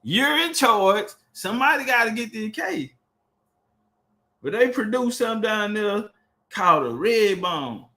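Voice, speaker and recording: A man's voice: high-pitched, sing-song, unhurried, pushed and bright. A man hosting a livestream, talking loosely and profanely and repeating words as he searches for the next one. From Texas. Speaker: livestream host. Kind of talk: casual livestream talk.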